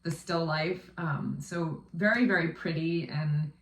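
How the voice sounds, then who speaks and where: A woman's voice: sits low, unhurried, a little hiss or hum. A woman in her thirties, a vocal coach, chatting casually as she reacts to a music video, with lots of ums and likes. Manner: chatty, filler-heavy with frequent um and like. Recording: roomy echo, off-mic distance.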